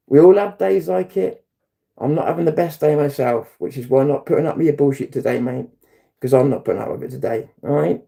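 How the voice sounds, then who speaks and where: A man's voice: medium pitch, brisk, vocal fry, dark tone. A middle-aged man, hosting a livestream and ranting bluntly, with heated swearing. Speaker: livestream host.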